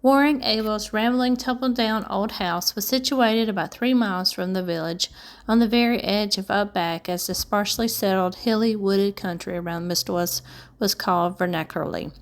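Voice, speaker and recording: A woman reading a novel aloud at an even, steady pace, with the odd small stumble. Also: medium pitch, normal speed. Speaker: amateur audiobook reader.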